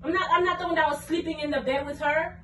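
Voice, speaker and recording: A young woman with a very high voice argues angrily, swearing and repeating her lines as her temper climbs. She sounds a little way off from the mic in an echoey room, with faint noise behind her. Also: steady tone, fast talker, distant mic. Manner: angry, cursing, repeats herself, rising to shouts. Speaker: vlogger, girlfriend in a prank video. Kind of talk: heated casual argument.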